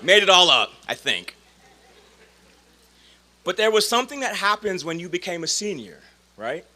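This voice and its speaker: A man in his forties delivers a commencement speech with a bright, forceful voice set fairly high. He tells stories with big dramatic swings, dropping to a hush and then calling out loud. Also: big pitch swings, moderate pace. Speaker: commencement speaker.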